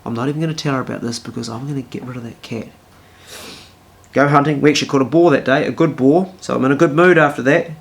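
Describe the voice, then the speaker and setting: A man's voice: medium pitch, quick pace, gravelly. Blunt Kiwi man telling a story. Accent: New Zealand. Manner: blunt, exasperated, swears freely. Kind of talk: casual spoken anecdote.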